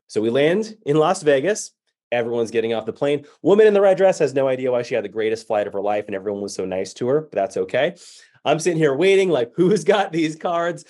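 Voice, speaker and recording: A man delivers a motivational keynote as an animated storyteller. His voice sits at a middle pitch, and he acts out the people in his anecdote with real energy. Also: quick pace. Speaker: keynote speaker.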